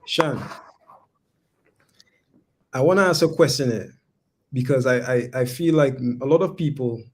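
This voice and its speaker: Calm man asking a question. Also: medium pitch, measured pace. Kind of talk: casual chat.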